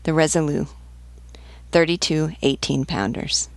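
A woman's voice: deep voice, a little slow, no echo. A woman reading the lines of a knowledgeable male ship's pilot who lists enemy ships in a matter-of-fact way.

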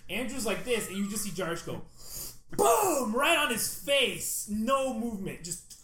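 Young guy, high-pitched storyteller, echoey room, excitable, full of "like". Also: a little slow. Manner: excitable storytelling, lots of "like", acts out quotes loudly. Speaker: storyteller in a group chat. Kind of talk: casual chat, animated anecdote.

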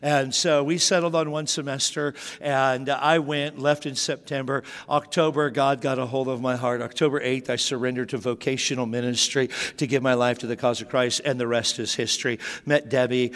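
A man's voice: mid-range voice, flat delivery, normal speed, hardly any pauses, a bit bright. A middle-aged man preaching a sermon as a pastor, telling stories with frequent restarts. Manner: storytelling with repeated restarts. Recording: long hall reverb.

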